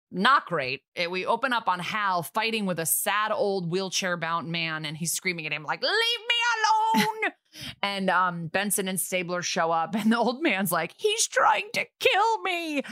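A woman co-hosting a podcast, recapping a TV episode in casual chat with sarcastic, quick asides. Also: lowish voice, pushed and bright, clean tone, no echo, clean studio sound.

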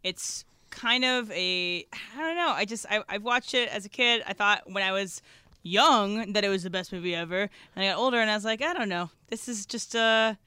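Woman, radio show producer, bright tense voice, dry studio sound, opinionated casual chat. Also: mid-range voice, brisk, smooth, no echo.

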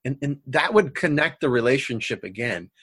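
A middle-aged man speaks as a guest coach on a radio talk show, with a husky voice. He talks earnestly and rambles with lots of fillers. The recording is dry and close. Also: medium pitch, lively intonation, moderate pace, a bit bright, no echo. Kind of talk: casual interview chat.

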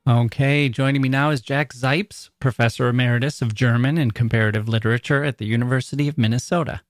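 A man hosting an interview podcast, giving measured, formal introductions. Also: medium pitch, steady tone, dry recording. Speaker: podcast host.

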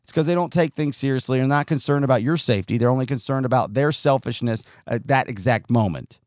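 A man's voice: mid-range voice, fast, a little mellow, no room sound, studio quality. A man hosting a talk show, giving a blunt, profane monologue and sometimes acting out angry drivers. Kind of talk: opinionated monologue.

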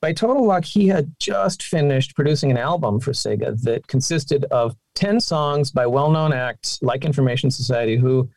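A man telling his career story as an interview guest, animated and chatty, his voice jumping up when he quotes people. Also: normal speed, vocal fry, few pauses, no echo. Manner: animated, with sudden pitch jumps. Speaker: guest, game sound designer and singer.

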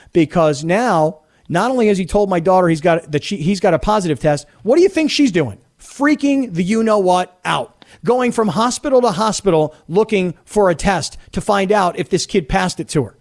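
Man, radio host, high-pitched, animated, indignant, middle-aged. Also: normal speed. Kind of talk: sports radio talk.

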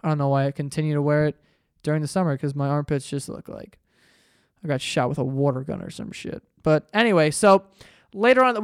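A man's voice: fairly high pitch, clean tone, no echo, clean studio sound. A young man hosting a podcast, telling a rambling story in a casual, profane way and jumping into voices for the people he quotes. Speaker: podcast host.

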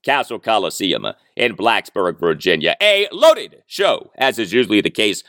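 A man's voice: on the low side, sing-song, fairly bright tone, dry recording. Guy in his 40s hosting a sports pod, bouncy up-and-down voice, dry jokey email reading. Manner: brisk, reading listener emails with dry jokes. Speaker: podcast host. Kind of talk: sports talk podcast monologue.

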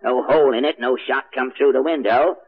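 A man playing a brash, wisecracking police inspector with a croaky voice and tough-guy slang, in 1940s radio comedy style, on a muffled old broadcast recording. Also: mid-range voice, brisk, lightly acted.

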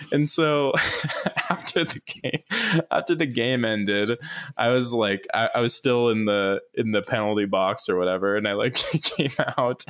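Young man, casual storyteller, rambly filler-heavy delivery, laughs a lot, mid-pitched voice. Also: normal speed. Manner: animated, mimics others in higher voice.

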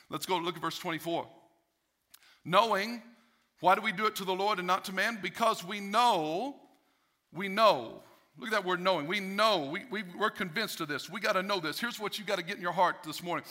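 A man's voice: high-pitched, bright, forceful tone. A male pastor preaching a sermon emphatically, repeating key phrases for effect.

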